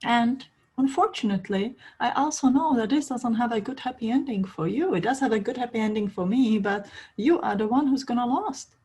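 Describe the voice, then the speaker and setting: Sweet calm little girl in a red hood, soft breathy storybook voice, kind and soothing, a woman doing her. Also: fairly high pitch, brisk, few pauses, pitched above the performer's own voice. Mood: firm. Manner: gentle, soothing, sometimes whispered.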